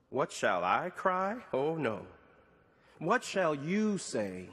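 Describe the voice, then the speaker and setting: Middle-aged male preacher, prayerful sermon, slow measured delivery, long chapel reverb. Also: mid-range voice. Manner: slow, deliberate delivery with dramatic pauses and rising questions. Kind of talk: sermon as a prayer addressed to God.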